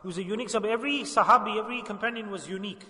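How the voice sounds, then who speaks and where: A man's voice: high voice, very fast, bright, forceful tone. A man preaching a sermon to a gathering, emphatic and repeating his key points. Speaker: Sufi preacher. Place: gathering hall. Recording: echoey hall, long reverb.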